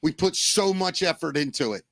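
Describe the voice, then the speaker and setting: A man's voice: on the high side, lively intonation, moderate pace, vocal fry, a bit bright, dry recording. A man co-hosting a podcast, talking in a casual, emotional way and swearing freely. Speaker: podcast co-host. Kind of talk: casual chat.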